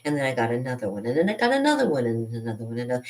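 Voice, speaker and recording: A woman's voice: extremely low pitch, sing-song, racing, darkish tone. A woman in her fifties telling self-deprecating stories in a rambling casual monologue, often laughing at herself. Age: 50s. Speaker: artist and channel host.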